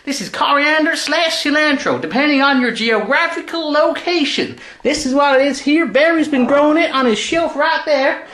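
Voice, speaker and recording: An Englishman guest-cooking in a home kitchen hams it up with a fake Texan drawl and cowboy persona, full of goofy asides and yeehaws. His voice is very high-pitched with a fairly bright tone, and the kitchen sounds roomy and echoey.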